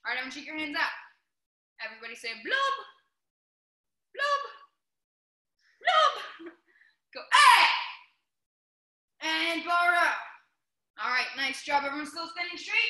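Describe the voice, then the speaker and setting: A woman leading a children's martial arts class, calling out loud commands and playful shouts. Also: high voice. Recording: roomy echo.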